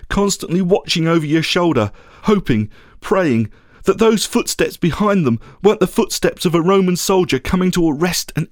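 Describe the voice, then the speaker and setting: A man telling a story in the first person, somber and reflective, often dropping low and quiet. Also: no echo, studio quality.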